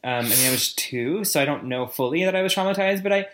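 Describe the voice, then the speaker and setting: A man in casual conversation, telling a personal story with pauses and fillers. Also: on the high side, lively intonation, a bit bright. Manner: reflective storytelling, many fillers. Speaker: conversation partner. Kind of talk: casual chat.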